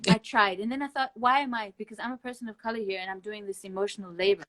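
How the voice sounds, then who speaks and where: A woman's voice: medium pitch, fairly even intonation, fast, a bit bright. A woman talking as a guest in a casual live-stream conversation, blunt and emphatic, swearing freely and laughing between points. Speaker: interview guest.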